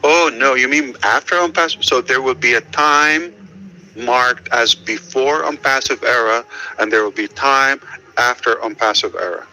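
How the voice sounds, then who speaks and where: A man's voice: medium pitch, moderate pace, sharp tone, soft background music, low-quality recording. A man leading a casual group call, speaking in rambling, stop-start phrases full of fillers. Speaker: company leader addressing members.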